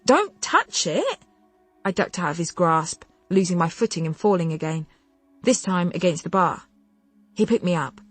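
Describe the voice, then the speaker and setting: A woman narrating a contemporary novel in first person, telling it in an expressive, wry way on a close studio mic. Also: lowish voice, moderate pace, no room sound, faint music behind. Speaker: audiobook narrator.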